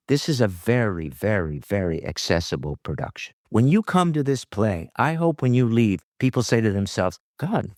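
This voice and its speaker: A man who is a theater director and acting teacher, explaining acting technique in an interview in an animated, emphatic, teacherly way. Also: lowish voice, dry recording, clean studio sound.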